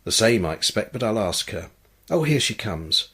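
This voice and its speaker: A man voicing a brisk, polite photographer directing a model at a shoot. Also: on the low side, very animated, a bit bright, slightly rough, heavily acted. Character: brisk, focused male photographer.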